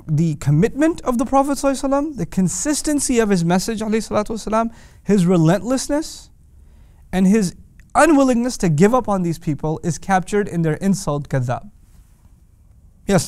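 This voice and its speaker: Male lecturer, fairly high voice, emphatic and animated, dry close-mic recording. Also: a little fast, no room sound. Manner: animated, rhetorical questions, emphatic. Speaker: Quran teacher.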